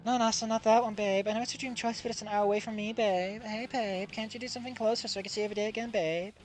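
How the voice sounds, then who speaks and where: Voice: mid-range voice, steady tone, very fast, faint music behind, close to an everyday voice. A streamer voicing a whiny, clingy teenage girlfriend in a game reading, nagging and repeating one pet name over and over.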